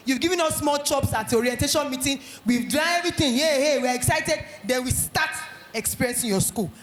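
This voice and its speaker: A middle-aged woman with a Nigerian accent giving a lively motivational talk at an education conference, acting out little scenes. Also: sits high, reverberant. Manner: animated, acts out little scenes in quoted voices.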